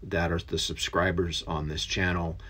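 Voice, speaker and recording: A man giving a casual, earnest Bible study talk, rambling a little with many pauses and fillers. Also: sits low, flat delivery, bright, forceful tone, husky. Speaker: lay Bible teacher.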